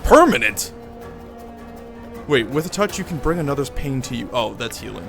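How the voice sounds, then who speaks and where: A man's voice: mid-range voice, very animated, normal speed, vocal fry, over music. A young man streaming a game, chatting casually, swearing, laughing and drifting into tangents. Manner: laughing, profane, rambling. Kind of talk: casual gameplay commentary.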